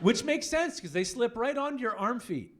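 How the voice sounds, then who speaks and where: Animated forties comedian on a club stage. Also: male voice, very high voice, normal speed. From French-speaking Canada. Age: 40s. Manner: animated, jumps into loud put-on voices for punchlines. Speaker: stand-up comedian. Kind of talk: stand-up comedy set.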